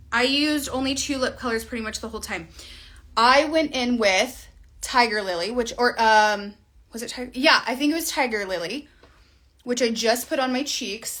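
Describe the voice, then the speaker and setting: Young woman, bright and a bit high-voiced, rambling casual makeup tutorial. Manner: chatty, rambling, trails off mid-sentence. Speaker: makeup vlogger.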